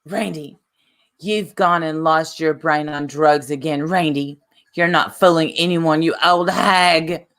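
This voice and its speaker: A woman voicing a taunting, dismissive woman commenter in her own low, bright voice. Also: fairly even intonation, slow pace, exaggerated voice. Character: insulting woman commenter mocking an "old lady".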